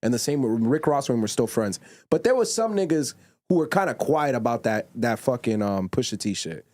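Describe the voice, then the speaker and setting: A man's voice: medium pitch, very animated, fairly quick, darkish tone. A man co-hosting a podcast, arguing emphatically and spelling out his reasoning as if lecturing. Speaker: podcast co-host. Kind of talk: casual podcast debate.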